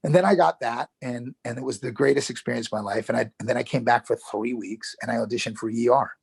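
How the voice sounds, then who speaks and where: Gravelly New York man telling stories. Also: mid-range voice, quick pace, no echo. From Yonkers, New York. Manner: animated storytelling, frequent swearing and restarts. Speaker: actor guest. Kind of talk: casual interview chat.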